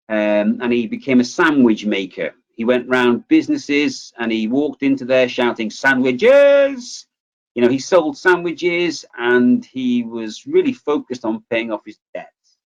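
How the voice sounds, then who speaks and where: A man, giving a motivational webinar talk in a chatty, lively way and telling personal stories. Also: mid-range voice. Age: 40s. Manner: chatty, lively, acts out quoted voices. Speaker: webinar presenter. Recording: slightly muffled webinar audio.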